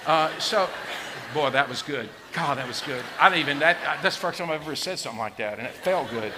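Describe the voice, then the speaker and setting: A middle-aged man preaching a sermon in a folksy, joking way, dropping to a hush and rising to a shout. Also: a little high, a little fast, noisy background. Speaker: pastor.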